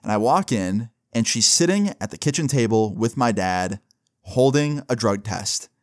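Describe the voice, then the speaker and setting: Speaking at a normal pace in an animated, mid-range voice, a young man recounts something from his own life. He's loose and profane about it, regularly dropping in "like" and tagging on "right?"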